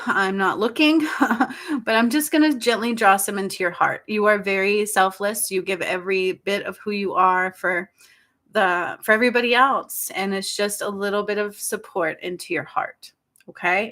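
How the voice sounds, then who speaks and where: A woman in her forties hosting a spiritual healing livestream, talking softly and tenderly, tearful and apologetic. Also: medium pitch, moderate pace. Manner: soft, tender and tearful, with frequent apologies and laughs. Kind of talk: emotional livestream talk.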